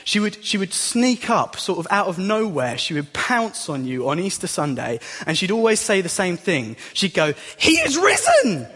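A man's voice: sits high, expressive, moderate pace, few pauses, fairly bright tone. A young man giving a chatty, self-deprecating sermon as a youth leader in a church. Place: church hall. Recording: long hall reverb.

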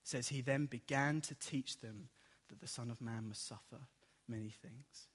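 A man preaching a sermon, telling the story in a lively way and acting out the dialogue. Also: medium pitch, normal speed, husky. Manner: animated storytelling, acts out dialogue. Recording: long hall reverb.

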